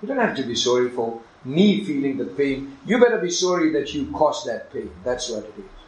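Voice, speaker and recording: A man's voice: mid-range voice, very animated, a little fast. Emphatic preacher man in echoey room. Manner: emphatic, swinging from hushed asides to loud exclamations. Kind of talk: sermon. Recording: echoey room with faint ambient noise.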